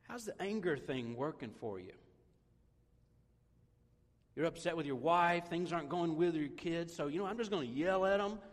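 A man's voice: a little high, lively intonation, normal speed, pauses often, in a large hall. A man preaching a sermon as pastor, conversational and self-deprecating, joking with the congregation.

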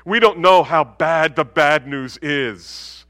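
Preacher with a fairly high, dry voice. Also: male voice, slow, dry recording. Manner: wide swings from loud proclamation to hushed near-whisper. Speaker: pastor. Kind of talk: sermon.

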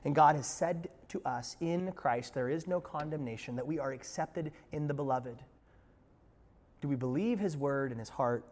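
A man preaching a sermon as pastor, animated, rising loud for quoted lines and joking asides to the congregation. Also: on the high side, normal speed, faint music behind. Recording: reverberant hall.

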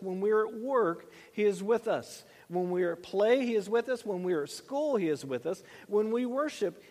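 A man's voice: high voice, darkish tone, long reverb tail. A middle-aged man preaching a sermon in a loose, conversational way, often repeating words and using fillers. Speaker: pastor.

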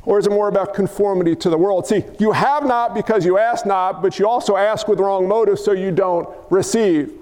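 A man preaching a lively sermon in a church sanctuary, his voice unusually high. He jokes and acts out little scenes as he goes. The sound carries a long hall reverb. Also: brisk, hardly any pauses. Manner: animated, jokey preaching with acted-out quotes. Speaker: pastor.

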